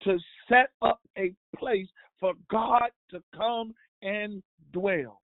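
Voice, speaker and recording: Male host-preacher, unhurried, gravelly, stop-start delivery, repeated refrain, dry phone-quality sound. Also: high-pitched, fairly even intonation, no echo. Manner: halting, repetitive, with many restarts and fillers; drives points home with a repeated refrain. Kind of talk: devotional sermon.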